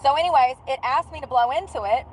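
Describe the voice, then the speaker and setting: A woman's voice: high voice, quick pace, slight background noise, rough recording. A woman telling a rambling, candid story in casual slang while she drives.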